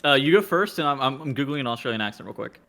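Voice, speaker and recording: A man's voice: medium pitch, expressive, rapid-fire, vocal fry, sharp tone. A man co-hosting a gaming podcast, chiming in with playful, giggly interjections. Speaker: podcast co-host. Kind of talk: casual gaming podcast chat.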